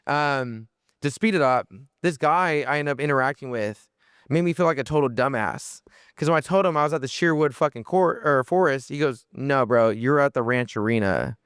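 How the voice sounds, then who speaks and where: Young male podcast guest, smooth clear voice, mid pitch, animated rambling storyteller. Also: moderate pace, dry recording, studio quality. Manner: animated, lots of fillers and restarts, swears freely. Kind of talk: casual storytelling.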